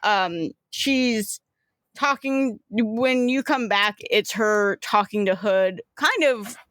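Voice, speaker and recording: A woman's voice: medium pitch, takes it slowly, a bit bright, no room sound. A woman narrating a tabletop game as game master, giggly and rambling with many fillers.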